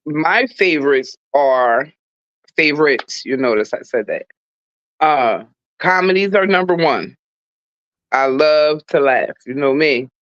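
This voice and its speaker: A podcast guest chatting casually about movies, in a relaxed, playful, drawn-out way. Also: mid-range voice, dry recording. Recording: dull, dry recording.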